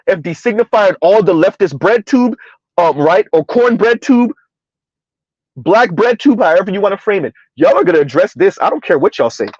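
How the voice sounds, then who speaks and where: A high-voiced man delivers sarcastic reaction commentary with heavy emphasis. He slows down to stress phrases and keeps checking in with a rhetorical "huh?". The recording is dry and a little muffled. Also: a little mellow, dry recording. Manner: emphatic, sarcastic, drawn-out repetition with frequent "huh?". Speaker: commentary channel host. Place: South Florida.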